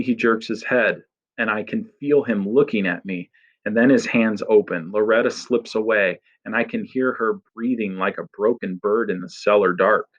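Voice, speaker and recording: A man narrating an audiobook in the first person, with an intense, dramatic reading in a slightly muffled recording. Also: fairly low pitch.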